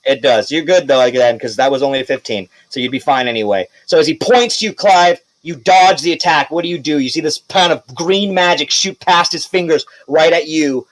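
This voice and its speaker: Man, game master, casual lively narration, higher voice. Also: a little fast, few pauses, no room sound, rough recording.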